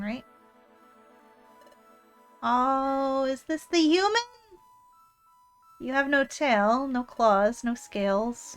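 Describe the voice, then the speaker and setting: A woman voicing a lonely, grieving psychic creature from a game who is gentle and protective, reading its lines in an earnest, soft-spoken way. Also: on the high side. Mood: curious. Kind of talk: reading game dialogue aloud.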